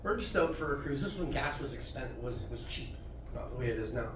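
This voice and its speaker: Crude stand-up comic on a club stage. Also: male voice, mid-range voice, expressive, fairly quick, distant mic. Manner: crude, self-deprecating storytelling. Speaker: stand-up comedian. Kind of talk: stand-up comedy set. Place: comedy club stage with audience. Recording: roomy club sound from afar, noisy.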